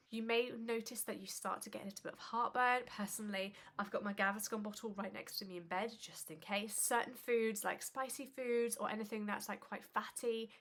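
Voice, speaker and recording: A woman's voice: mid-range voice, fairly bright tone. A young woman talking casually as a pregnancy vlogger, chatty with lots of fillers and a little out of breath. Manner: chatty, conversational with frequent fillers. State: slightly out of breath. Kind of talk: casual informative vlog.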